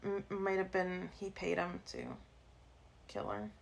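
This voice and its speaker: A woman co-hosting a true-crime podcast, recounting cases in a relaxed, rambling way. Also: on the low side, measured pace, vocal fry. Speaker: podcast co-host. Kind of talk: casual storytelling chat.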